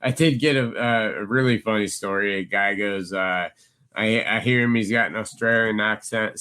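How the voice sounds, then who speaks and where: Lively bright-voiced man telling stories. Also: lowish voice, normal speed, smooth. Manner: animated storyteller, acts out quoted people in a raised voice. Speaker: podcast co-host. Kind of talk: casual podcast storytelling.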